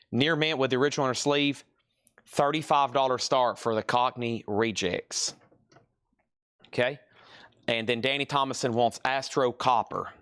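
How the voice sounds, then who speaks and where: Brisk man calling out record prices. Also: medium pitch, fairly bright tone, dry recording. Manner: brisk, repeats prices and buyers' names. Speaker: live sale host. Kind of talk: live-stream sales patter.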